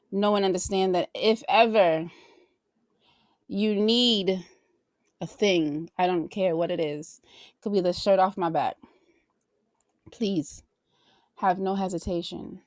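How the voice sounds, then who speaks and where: A woman's voice: fairly low pitch, steady tone, slow, pauses often, a little mellow, dry recording. A woman hosting a podcast, pouring out heartfelt, preacher-like affirmations to her guest in a casual chat. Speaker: podcast host.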